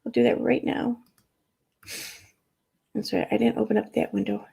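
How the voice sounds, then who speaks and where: A woman with a Midwestern American accent chats loosely on a livestream, wandering from thought to thought and swearing freely. Her voice has a gravelly fry in it, at a middle pitch. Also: flat delivery, normal speed, dark tone. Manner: rambling, profane, talks to chat. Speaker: livestream host. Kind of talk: casual livestream chat.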